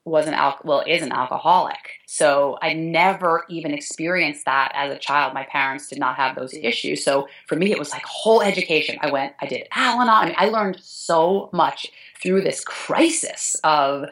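Low-voiced earnest middle-aged woman. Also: moderate pace, hardly any pauses, a bit bright, low-quality recording. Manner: earnest, tearful at moments, restarts often. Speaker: guest, dance teacher. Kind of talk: emotional interview talk.

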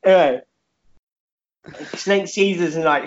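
Casual male co-host, animated rambler, swears freely, checks in with "yeah?", dull lo-fi sound. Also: on the high side, normal speed, slight background noise. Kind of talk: casual chat, telling a made-up fight story.

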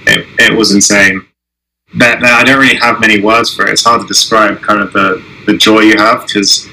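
A young man being interviewed, talking casually with many restarts and pauses. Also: fairly low pitch, bright, forceful tone, poor audio. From Israel. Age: young adult. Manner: halting, many restarts and "I mean". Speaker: guest, Olympic alpine skier.

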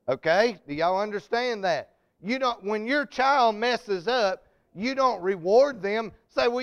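A preacher with a strikingly high, smooth voice that carries a gravelly edge. He preaches with fervor, calls out to the people in front of him, and rises into shouts at the peaks. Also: lo-fi sound. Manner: fervent, shouting climaxes, calls to congregation. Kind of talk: sermon.

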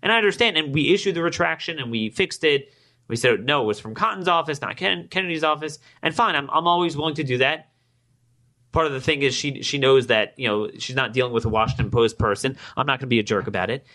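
A podcast host with a bright, forceful tone, speaking in a voice of ordinary height. He leans into his points and goes higher and harder when indignant. He acts out both sides of conversations to tell his story. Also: fast talker. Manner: emphatic, rising in pitch when indignant. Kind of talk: political commentary monologue.

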